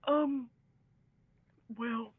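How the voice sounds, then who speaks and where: A woman doing a slow, tinny-voiced goofy bandmate. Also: sits high, fairly even intonation, no room sound, heavily acted. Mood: mock-serious. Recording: tinny phone-like line.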